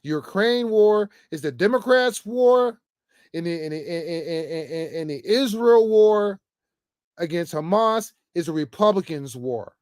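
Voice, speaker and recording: A high-pitched, animated voice with a darkish yet clean tone belongs to a political commentator vlogger speaking unhurriedly. He rants off the cuff to camera, emphatic and repetitive, stammering often and ending phrases with "man," in studio quality with no echo.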